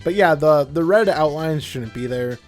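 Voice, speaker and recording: Faint music plays behind a young man giving let's-play commentary at normal speed in a slightly high voice. He's a chatty, rambling gameplay commentator who often corrects himself in the middle of a sentence.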